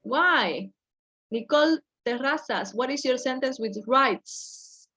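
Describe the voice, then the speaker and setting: A woman's voice: sits high, expressive, slow, pushed and bright. A woman teaching an English class over a video call, patiently correcting her students step by step.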